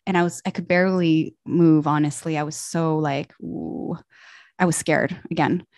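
A young woman telling a personal story in casual podcast chat, animated and acting out quoted voices. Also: deep voice, a little fast, dry recording, studio quality. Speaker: podcast guest.

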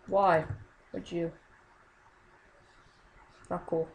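Slow-talking young woman gaming. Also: on the low side, slight background noise, low-quality recording. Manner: exclaims often, mutters under breath. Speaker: gameplay commentator. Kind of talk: casual gameplay commentary.

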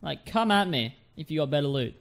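Chatty young Australian gaming streamer. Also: male voice, fairly high pitch, animated, fairly quick, creaky, a little hiss or hum. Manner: chatty, repeats words, talks to viewers. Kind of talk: casual gameplay commentary.

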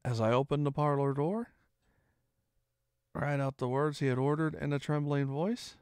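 A man reading a classic adventure novel aloud in expressive first-person narration. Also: a little high, moderate pace, clear, resonant tone, dry recording, clean studio sound. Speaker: storyteller.

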